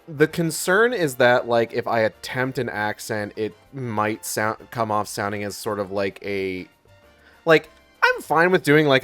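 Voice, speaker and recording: A man's voice: medium pitch, a bit bright. Rambling casual male game streamer. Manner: rambling, many fillers, swears. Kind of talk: casual let's-play commentary.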